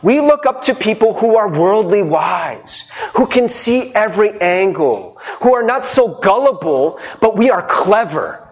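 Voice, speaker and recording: Animated, high-voiced male pastor preaching. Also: measured pace, few pauses. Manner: animated, conversational, laughs and mimics people. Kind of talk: sermon.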